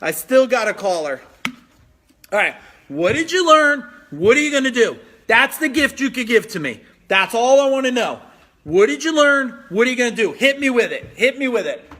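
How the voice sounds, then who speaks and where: A man's voice: extremely high pitch, fairly quick. A man hosting a motivational business live stream at home, reading out viewer comments and pushing them hard with repeated phrases. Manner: energetic, pushy, repeats phrases for emphasis.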